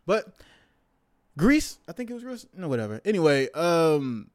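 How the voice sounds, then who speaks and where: Young man, slangy and profane, rambling podcast monologue, fairly high smooth voice. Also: normal speed. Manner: slangy, profane, animated rants. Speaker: podcast host. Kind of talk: casual monologue.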